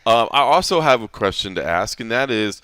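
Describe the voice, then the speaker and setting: A man co-hosting a podcast in casual chat, animated and trailing off with fillers like "you know". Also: mid-range voice, fairly quick, no room sound. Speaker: podcast co-host.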